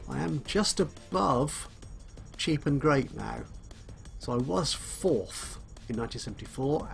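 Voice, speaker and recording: A man's voice: fairly high pitch, creaky, fairly bright tone. A man casually commentating a management game he is playing, musing aloud and correcting himself as he goes. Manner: musing, self-correcting, chuckles often. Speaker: let's play host. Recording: faint music behind.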